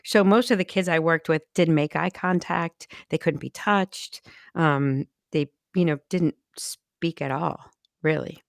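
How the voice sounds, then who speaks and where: A woman with a somewhat low voice chats casually on a podcast, laughing easily and trailing off mid-thought. The sound is dry and close, with no room around it. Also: unhurried, vocal fry, no echo. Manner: chatty, laughs often, trails off mid-sentence. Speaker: podcast co-host; former speech pathologist. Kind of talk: casual chat.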